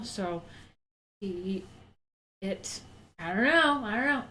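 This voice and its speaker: A woman's voice: medium pitch, lively intonation, slow pace, pauses often, pushed and bright, a little hiss or hum. A young woman who is out of breath from pregnancy, hosting a casual livestream chat, rambling and reading viewer comments aloud. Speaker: livestream host.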